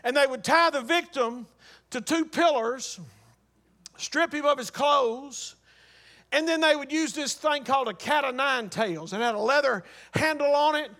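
A man delivers a sermon in a strikingly high voice with a bright, forceful edge. He drives his points hard and builds them with repeated rhetorical questions. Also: measured pace. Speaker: preacher.

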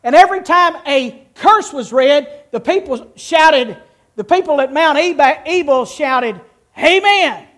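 A preacher with a high, animated voice speaks a little slowly as he reads scripture and teaches his congregation. His folksy style invites the audience to join in, live in church.

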